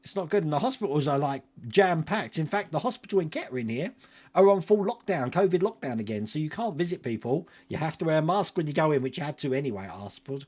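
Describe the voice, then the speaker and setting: A man's voice: on the high side, animated, quick pace, darkish tone. A man, hosting a casual livestream and chatting with viewers by name, laughing often. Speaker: livestream host. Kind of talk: casual live chat reading viewer comments.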